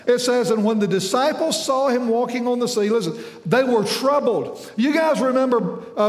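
A preacher with a drawl and a strikingly high voice delivers a folksy sermon. He asks his listeners questions and stumbles over repeated words as he goes. His voice rings through a large hall with a long, echoing reverb.

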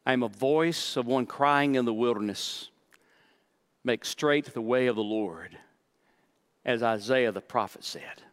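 A middle-aged pastor preaching a sermon, dramatic, acting out quoted lines and repeating words. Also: male voice, medium pitch, unhurried, long pauses.

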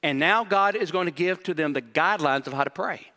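A man's voice: fairly high pitch, brisk, sharp tone, big-room sound. A man preaching a sermon as pastor, emphatic and repetitive, with rhetorical questions to the congregation.

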